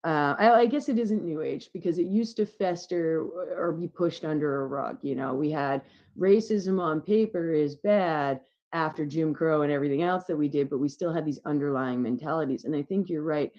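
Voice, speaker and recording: A woman with a low, deep voice talks in a loose, unscripted chat and tells a personal story with plenty of swearing. She gets animated at times. The sound is dull and lo-fi, like call audio. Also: moderate pace, hardly any pauses. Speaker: podcast guest.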